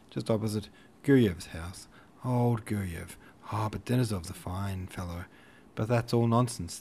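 A man's voice: lowish voice, a little mellow, slight background noise, natural voice. A man reading as a drowsy young hussar officer. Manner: dreamy, rambling half-asleep musings.

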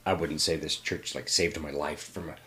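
Deep-voiced middle-aged man, reflective. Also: steady tone, normal speed, fairly bright tone. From Northern California. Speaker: interviewee. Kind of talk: casual reflective interview.

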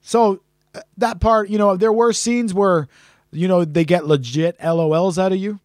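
A man co-hosting a podcast in casual chat, rambling and halting with many fillers and restarts. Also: high-pitched, fairly even intonation, a little mellow, no echo, studio quality. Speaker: podcast co-host.

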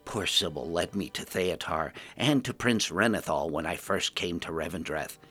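Man voicing a small cheeky gnome woman engineer, brisk, chatty, lively, storybook. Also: low voice, full character voice. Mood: confiding.

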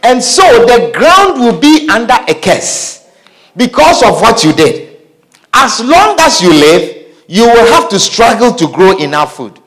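A male preacher with a high, lively voice delivers a sermon. He reads scripture aloud and repeats his phrases for emphasis. He often stops to ask the congregation questions. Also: unhurried.

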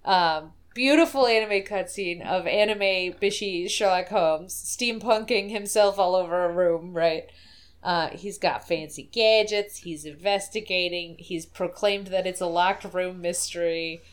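A woman co-hosting a podcast in casual chat, retelling a scene with quick acted-out quotes. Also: fairly low pitch. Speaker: podcast co-host.

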